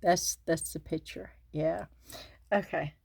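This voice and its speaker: A woman's voice: lowish voice, fairly even intonation, slow pace, creaky, a little mellow, slightly rough, dry recording. An older woman with a Southern US accent, hosting a casual craft unboxing and chatting to her viewers with frequent giggles. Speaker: craft channel host.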